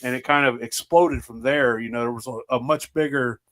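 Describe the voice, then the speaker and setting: A man's voice: mid-range voice, steady tone, a little fast, a bit bright. A man in casual chat, telling loose stories and mimicking others in quotes. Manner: laughing, loose storytelling with mocking quoted voices.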